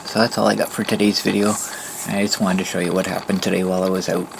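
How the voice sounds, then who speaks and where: A man's voice: low voice, flat delivery, quick pace, creaky. A man who drives a mobility scooter tells a rambling, casual vlog story with frequent restarts. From Southern Ontario, Canada. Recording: loud background ambience noise.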